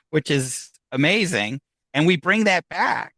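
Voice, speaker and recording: A man's voice: fairly high pitch, expressive, moderate pace, bright, forceful tone, dry recording. A man who investigates the paranormal, chatting casually in an interview, rambling with many restarts and fillers. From United States.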